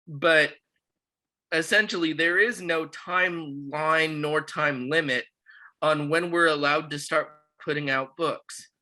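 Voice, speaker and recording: Bright, high-voiced male host. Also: fairly even intonation, slow. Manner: friendly, encouraging, with frequent affirmations. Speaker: interview host. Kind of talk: casual interview chat.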